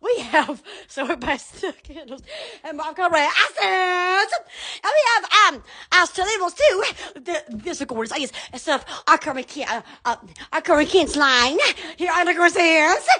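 A woman's voice: extremely high pitch, animated, normal speed, bright, forceful tone. A woman chatting casually on a live stream from her phone, giggling, squealing and rambling. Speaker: shop owner streaming live.

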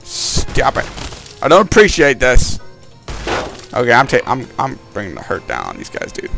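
A man doing let's play commentary, excitable, yelping and grumbling at the game. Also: mid-range voice, moderate pace, gravelly, faint music behind. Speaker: gamer.

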